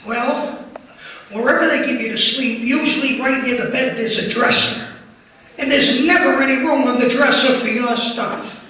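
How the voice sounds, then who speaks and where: Man impersonating a wry veteran comic; high-pitched, echoey conference hall, off-mic. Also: moderate pace, bright, forceful tone. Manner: sardonic, rhythmic build-ups of lists. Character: older male stand-up comic, wry and ranting. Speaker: comedian doing an impression at a conference. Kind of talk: stand-up impression. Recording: echoey hall, heard from far off.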